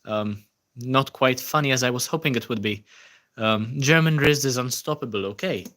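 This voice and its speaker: A man's voice: mid-range voice, normal speed, a bit bright. A man hosting a casual livestream, reading out viewers' comments and answering them with frequent ums. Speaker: livestream host.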